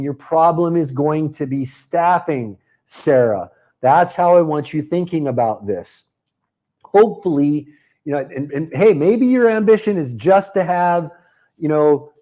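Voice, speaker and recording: A man hosting a live webinar, pitching a marketing program in a chatty, upbeat way and answering viewers by name. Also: dark tone.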